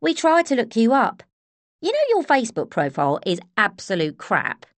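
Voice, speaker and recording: Brassy, teasing woman nurse with an Estuary accent, read by a woman narrator; loud and sassy in a storybook. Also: a little high, very animated, moderate pace, no echo, voice pushed up. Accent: Estuary English.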